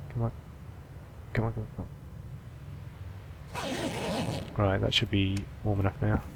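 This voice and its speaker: A man giving relaxed let's-play commentary, thinking aloud as he sorts through supplies and plans his next move. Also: fairly low pitch, brisk, creaky, background noise. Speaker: gameplay commentator.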